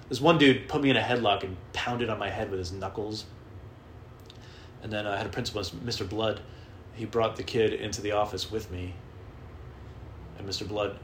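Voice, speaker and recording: A man telling rambling, profane stories in a casual comedic monologue, often mimicking people in high squeaky voices. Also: a little hiss or hum. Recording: echoey room, faint background.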